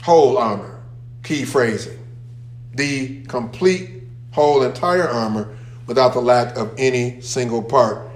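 A man's voice: medium pitch, measured pace. A man preaching a sermon as pastor, building emphasis and repeating key phrases. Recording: echoey room.

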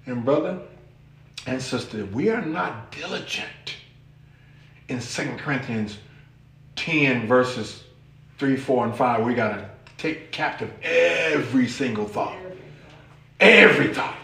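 A man preaching a lively sermon, talking straight to his listeners in a casual, conversational way. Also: medium pitch, takes it slowly, long pauses, echoey room. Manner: animated, conversational, addresses listeners directly.

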